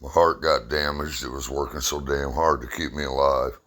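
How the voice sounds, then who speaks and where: Deep deep voiced guy, middle-aged, rambling blunt storytelling, sharp bright tone. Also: fairly even intonation, moderate pace. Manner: plainspoken, rambling, blunt humor. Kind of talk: casual personal storytelling.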